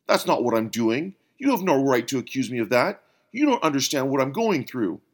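A man's voice: medium pitch, animated, moderate pace, gravelly, darkish tone, voice pushed up. A man voicing a frustrated, weary male pastor who talks defensively and questions everything.

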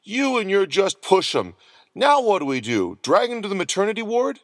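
Guy doing a grumpy, exasperated young dude, pitched up, lively. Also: moderate pace, no echo. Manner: exasperated and wary. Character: skeptical, grumbling young man.

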